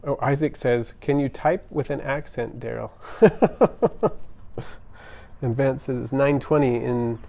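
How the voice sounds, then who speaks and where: A man's voice: mid-range voice, fairly even intonation, moderate pace, vocal fry, hardly any pauses, a little mellow. Chatty man hosting a pet livestream. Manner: chatty, upbeat, frequent ums and restarts. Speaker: livestream host. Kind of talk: casual live-stream chat, reading comments. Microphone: camera on tripod.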